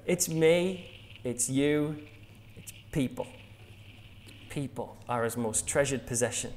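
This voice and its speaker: An English man gives a sermon in a relaxed, conversational style, with a voice pitched a touch above average. He keeps it light, joking with the congregation and laughing at his own lines. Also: measured pace, slight background noise. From England. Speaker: preacher.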